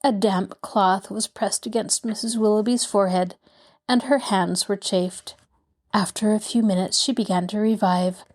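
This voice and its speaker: A woman narrating a classic mystery novel aloud in a steady storytelling voice. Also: mid-range voice, moderate pace. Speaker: audiobook narrator. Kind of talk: scripted narration.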